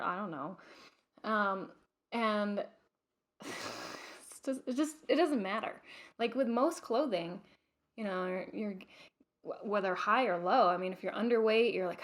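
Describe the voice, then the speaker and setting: A woman's voice: a little high, measured pace. A young adult woman hosting her own vlog, chatting casually to camera with lots of fillers and restarts. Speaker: vlog host.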